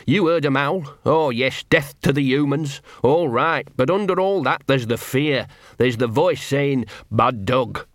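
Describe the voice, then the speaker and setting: A man's voice: mid-range voice, measured pace, dry recording, studio quality, natural voice. Man doing a rambling, nervous scruffy dog. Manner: rambling, ungrammatical street talk, repeats himself.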